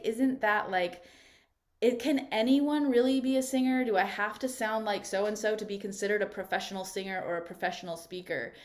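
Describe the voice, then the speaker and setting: A medium-pitched woman voice coach runs a live online workshop over a video call. She talks in an encouraging, conversational manner and keeps checking in with "right?".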